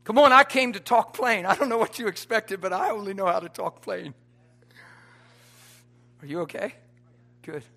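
High, bright-voiced preacher man. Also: normal speed, gravelly, long pauses. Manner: swings from quiet asides to loud emphatic preaching; folksy, joking, quotes everyday sayings. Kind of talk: sermon.

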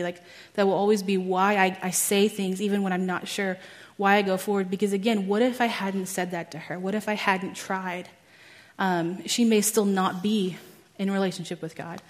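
Young woman, chatty testimony talk, lots of "like"s, laughs at herself, mid-pitched voice. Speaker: speaker at a church teaching.

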